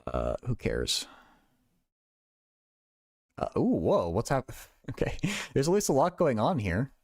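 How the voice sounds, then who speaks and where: A man's voice: medium pitch, very animated, normal speed, a little mellow, dry recording, studio quality. A young man hosting a casual livestream, thinking aloud in a rambling way with many stammered restarts. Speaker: livestream host.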